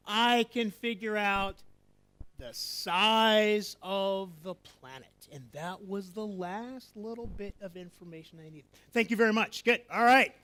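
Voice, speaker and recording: A man giving an interactive astronomy lecture to a live festival audience, coaxing volunteers and quizzing the crowd. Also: high voice. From USA. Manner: lively, coaxing, asks the audience questions.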